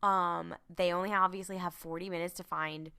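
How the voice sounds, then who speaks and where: Lower-pitched woman recapping casually. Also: moderate pace, vocal fry, clear, resonant tone. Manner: swearing, animated retelling of scenes. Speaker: podcast co-host.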